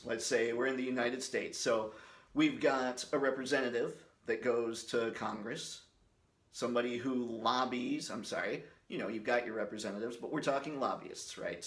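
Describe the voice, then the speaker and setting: Hosting his company's video series, a man speaks straight to the camera in a goofy, shameless style, cracking jokes and slipping into silly voices and impressions. His voice is medium in pitch, and the sound is roomy.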